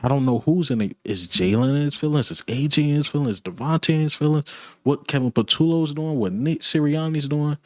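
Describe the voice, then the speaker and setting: A man's voice: a little high, brisk, a little mellow, dry recording. A man ranting about his football team, blunt, frustrated and repetitive, in casual sports talk. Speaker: sports commentator.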